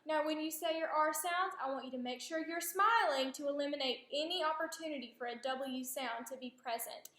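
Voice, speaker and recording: A woman's voice: high-pitched, brisk, hardly any pauses, pushed and bright. A woman speech therapist giving patient, encouraging instructions in a clinical demonstration. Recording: roomy echo.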